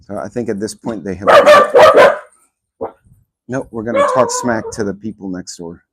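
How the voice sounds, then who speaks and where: A man's voice: fairly low pitch, normal speed, slight background noise. A man hosting a casual livestream from a grassy yard, reading names out of the chat and talking to his dogs. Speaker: channel host. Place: yard of a rental house, outdoors. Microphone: phone on speaker.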